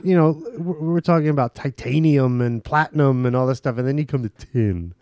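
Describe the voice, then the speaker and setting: A man's voice: medium pitch, fairly quick, a little mellow, dry recording, clean studio sound. A man co-hosting a podcast in casual chat, joking and mock-indignant in banter. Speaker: podcast co-host.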